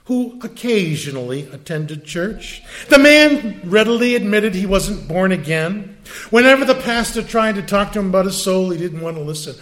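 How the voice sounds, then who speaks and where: An older man with a high voice gives a sermon in a loose, conversational way. He keeps tossing rhetorical questions and quick asides to his listeners. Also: fairly bright tone. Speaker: pastor.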